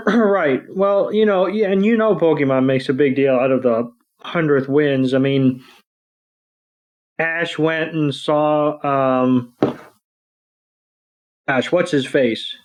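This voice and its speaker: A man's voice: a little high, takes it slowly, long pauses. A man co-hosting a podcast, chatting in a loose, rambling way with plenty of filler. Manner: laid-back, rambling, with filler words. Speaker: podcast co-host. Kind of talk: casual recap chat.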